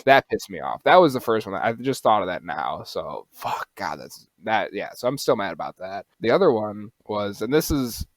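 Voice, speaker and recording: A young man co-hosting a podcast, chatting casually, animated and quick to swear and laugh. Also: fairly low pitch, dry recording. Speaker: podcast co-host. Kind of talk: casual chat.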